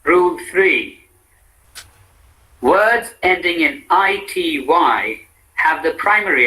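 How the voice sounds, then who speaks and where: Slow, bright-voiced male instructor. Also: on the high side, animated, poor audio. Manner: measured, explanatory. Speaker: language lab instructor. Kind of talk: scripted pronunciation lesson.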